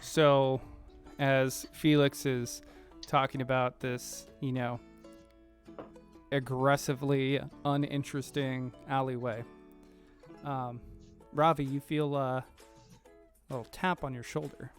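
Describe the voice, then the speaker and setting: A man running a tabletop game as game master, narrating in a relaxed, hesitant way. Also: medium pitch, takes it slowly, long pauses, faint music behind.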